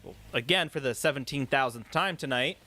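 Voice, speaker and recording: A man co-hosting a live stream, telling everyday stories in a playful, animated way. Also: mid-range voice, brisk. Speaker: stream co-host. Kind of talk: casual live-stream chat.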